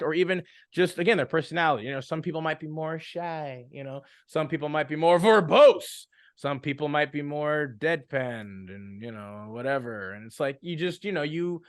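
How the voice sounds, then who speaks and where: Rambling young man, fairly high voice. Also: a bit bright, no room sound, studio quality. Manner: rambling, many fillers and restarts. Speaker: podcast co-host. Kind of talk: casual advice chat.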